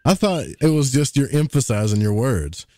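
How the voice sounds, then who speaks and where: A man's voice: mid-range voice, lively intonation, moderate pace, warm tone, dry recording, studio quality. A man, co-hosting a podcast in casual, rambling chat with jokes. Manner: folksy, rambling, jokey. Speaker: podcast co-host.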